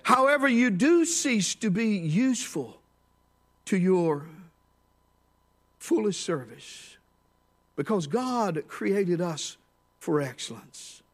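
A man preaching a sermon, telling a story and dropping low and quiet on key words, rising to shouts at the high points. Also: very animated, slow pace, pauses often. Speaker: pastor.

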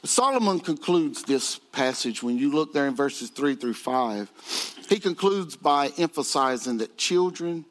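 Male preacher, high voice, sermon delivery, repeating key phrases for emphasis. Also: lively intonation, a little slow. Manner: preaching with rising emphasis and repetition.

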